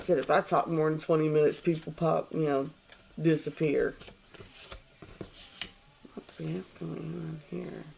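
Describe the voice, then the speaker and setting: Guy in his 40s, kinda high voice, rambly and sweary, doing a tarot reading. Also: level tone, a little slow, gravelly, pauses often, darkish tone, slight background noise. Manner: rambling, profane, exasperated. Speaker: tarot reader.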